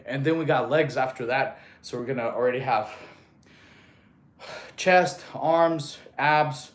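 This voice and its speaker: A man's voice: medium pitch, roomy sound. A man chatting casually on a live stream, giving fitness advice, thanking viewers and counting out push-ups, sometimes a little out of breath. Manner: laid-back, chatty, thanks viewers, counts reps aloud.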